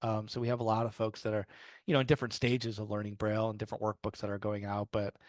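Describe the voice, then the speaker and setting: A man's voice: on the low side, completely flat delivery, fast talker, dry recording. A man speaking casually to a small group, telling stories with lots of fillers and restarts. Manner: friendly storytelling with fillers and restarts. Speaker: guest speaker on low-vision resources.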